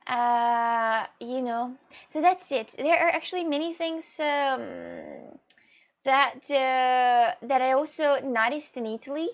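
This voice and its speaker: Speaking slowly in a high-pitched voice, this Russian-accented streamer from Russia chats through viewer questions. She's rambling and animated, with frequent laughter and swearing.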